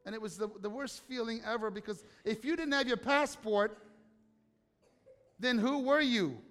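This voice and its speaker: High-voiced pastor in a reverberant hall. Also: male voice, normal speed, a bit bright, faint music behind. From United States. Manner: conversational storytelling, questions to the congregation. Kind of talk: sermon.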